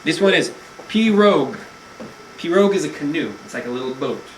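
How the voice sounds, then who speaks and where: A young woman with a low voice reads a picture book to a classroom of small children. Her pitch swings widely as she tells the story and checks their vocabulary, with a faint hiss of noise underneath. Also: expressive, fairly quick, rough recording. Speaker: teacher reading to first graders.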